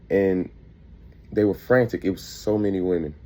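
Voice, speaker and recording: A man's voice: low voice, normal speed, warm tone. A man earnestly recounting prophetic dreams as spoken testimony, often repeating himself and quoting the people in his dreams. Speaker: preacher sharing dreams.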